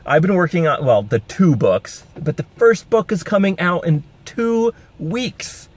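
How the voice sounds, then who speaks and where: A vlogger chats casually to camera outdoors on a rainy city street, rambling, upbeat, and laughing often. His voice sits high with big pitch swings and an unhurried pace.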